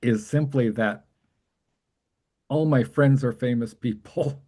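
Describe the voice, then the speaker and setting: A man hosting a casual chat, talking in an excited, rambling way with frequent laughs. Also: mid-range voice, slow pace. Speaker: host.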